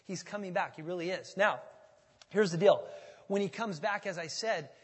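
High-voiced pastor preaching in a reverberant hall. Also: male voice, moderate pace, breathy edge. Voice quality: conversational, asks the congregation questions. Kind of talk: sermon.

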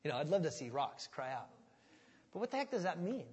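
A man preaching a sermon with animated energy, swinging between loud excitement and hushed asides. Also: fairly high pitch, fairly quick, slightly rough. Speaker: pastor. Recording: long reverb of a large hall.

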